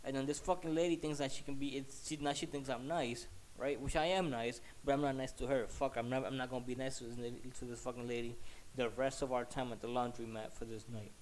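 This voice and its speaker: A man's voice: medium pitch, fairly even intonation, fairly quick, slight background noise. A man telling a story in a heated, profane, rambling rant while slightly sick.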